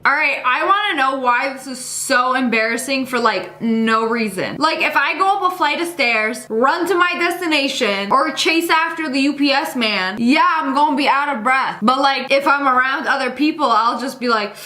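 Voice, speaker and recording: High-voiced playful woman reacting to clips. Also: moderate pace, hardly any pauses, pushed and bright. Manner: playful, slangy, teasing asides. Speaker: reaction video host. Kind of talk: casual reaction commentary. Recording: echoey room with music behind.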